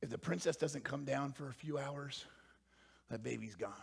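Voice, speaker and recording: A man preaching a sermon as pastor, animated and swinging from hushed tones to shouting. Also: medium pitch, moderate pace, vocal fry, slightly rough.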